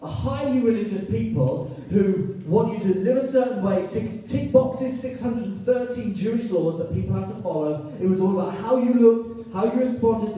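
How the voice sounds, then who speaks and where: A man preaching a sermon in a lively, chatty way, joking with his congregation. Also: high voice. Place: church hall. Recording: echoey church from far off.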